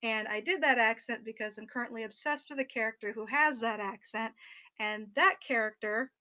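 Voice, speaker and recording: A woman's voice: on the high side, fairly quick, bright, forceful tone, dull audio. A woman in the cast chatting after the show, giggly and self-deprecating. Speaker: cast member. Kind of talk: casual chat.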